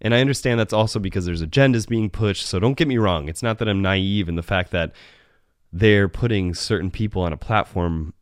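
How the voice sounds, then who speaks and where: Man, solo podcast host, low smooth voice, rambling and profane, dry close sound. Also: fairly quick, dry recording. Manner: rambling, profane, self-correcting.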